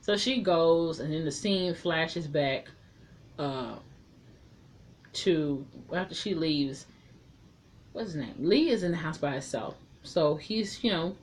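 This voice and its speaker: A woman's voice: deep voice, slight background noise. A woman casually recapping and reviewing a TV episode, chatty and frank, swearing freely.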